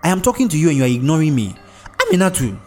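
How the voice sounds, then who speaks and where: A man doing a shrill scolding mother. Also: very animated, racing, darkish tone, soft background music. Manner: shrill, nagging.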